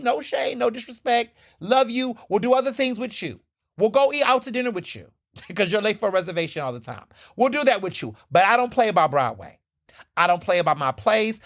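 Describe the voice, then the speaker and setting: A man hosting a podcast in a casual monologue, emphatic and profane, repeating phrases for effect and stammering on restarts when excited. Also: high-pitched. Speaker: podcast host.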